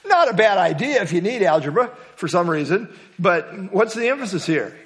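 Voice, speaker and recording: A man's voice: high-pitched, sing-song, normal speed, fairly bright tone. Man teaching a conversational Bible class. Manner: conversational, quizzes the class and jokes. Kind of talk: interactive Bible study lesson.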